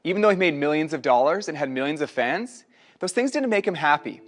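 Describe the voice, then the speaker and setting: Man, slightly high voice, presenter, scripted lesson, light music. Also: lively intonation, fairly quick.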